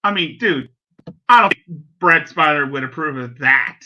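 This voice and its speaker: A man's voice: on the high side, moderate pace, sharp tone, highs cut off. A man hosting a reaction video, rambling in casual commentary and often breaking off mid-sentence with exclamations.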